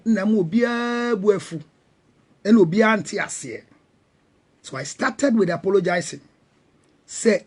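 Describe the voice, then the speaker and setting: Middle-aged Ghanaian man, defensive and emphatic, husky with a lively pitch. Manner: defensive, emphatic, mixes English and Twi. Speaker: guest counselor. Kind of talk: heated panel discussion.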